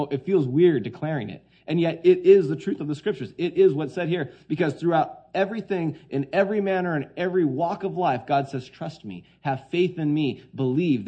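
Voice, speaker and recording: Guy preaching a sermon, husky and kinda mellow, goes soft then gets loud and punchy. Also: a little high, highs cut off. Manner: dynamic, swings between quiet quoted lines and loud emphatic points.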